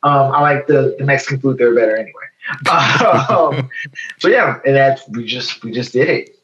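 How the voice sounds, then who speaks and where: A man in his thirties from Chicago, a guest in a casual interview, telling a story in a lively way and acting out the lines of other people. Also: mid-range voice, normal speed, highs cut off. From Chicago, USA. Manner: animated, acts out quoted dialogue. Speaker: guest photo editor.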